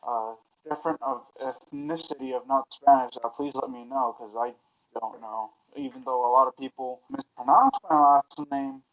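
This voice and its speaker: A man co-hosting a podcast in casual chat, soft-spoken and halting with fillers. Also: mid-range voice. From Hispanic family. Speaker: podcast co-host. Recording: dull lo-fi sound.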